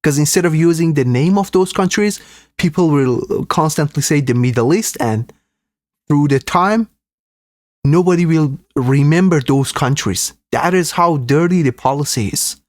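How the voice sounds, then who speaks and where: A man's voice: fairly high pitch, normal speed, dry recording, clean studio sound. A man hosting a live reaction stream, commenting earnestly and indignantly to his viewers.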